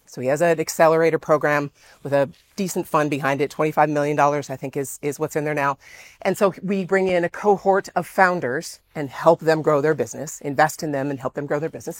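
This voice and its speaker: A woman speaking to an audience, telling a story in an animated way and acting out the dialogue. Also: low-pitched, brisk, dry recording. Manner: animated, exclaims often, acts out quoted dialogue.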